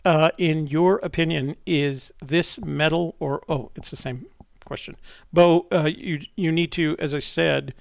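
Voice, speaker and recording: Call-in host, male, gravelly, higher-pitched than most, dry close sound, rambling and chatty. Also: steady tone, a little slow. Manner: chatty, rambling, self-correcting. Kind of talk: casual live call-in chat.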